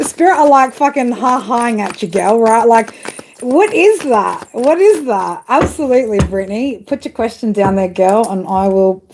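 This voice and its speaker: A woman's voice: a little high, a little mellow, a little hiss or hum. Swearing, chatty woman tarot reader. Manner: chatty, swears a lot, talks to viewers as girl and babe. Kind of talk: casual live tarot reading.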